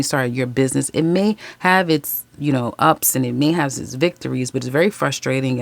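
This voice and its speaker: Gravelly, chatty tarot reader. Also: mid-range voice, no echo. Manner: chatty and candid, laughs often, corrects own slips; addresses viewers familiarly as guys, ladies, baby. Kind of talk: casual general tarot reading to viewers.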